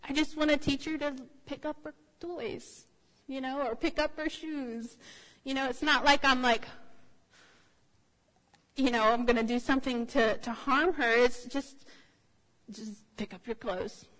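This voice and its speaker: Bright-voiced woman preaching in a hall. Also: high-pitched, steady tone, unhurried, pauses often. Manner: conversational, anecdotal, with frequent fillers. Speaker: speaker. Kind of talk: sermon. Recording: long hall reverb.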